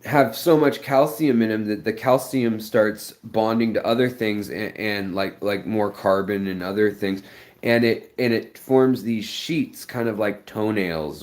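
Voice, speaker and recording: A man hosting a live stream, answering viewers in a rambling, explanatory way with many fillers. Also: on the low side. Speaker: aquarium channel host.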